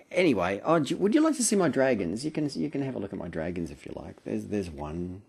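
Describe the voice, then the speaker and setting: An Australian man, middle-aged, reminiscing late at night at home in a rambling, hesitant way with many fillers and soft chuckles. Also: fairly low pitch, very animated, normal speed, vocal fry, breathy edge. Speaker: vlogger. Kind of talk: late-night reflective monologue.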